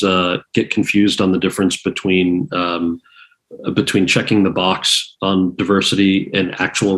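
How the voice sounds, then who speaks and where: A man in his forties, guest on an interview podcast, telling stories and acting out quotes in a raised voice. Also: low-pitched. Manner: animated storyteller, acts out quotes in raised voice; many restarts and fillers. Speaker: guest actor and author. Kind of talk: casual interview chat.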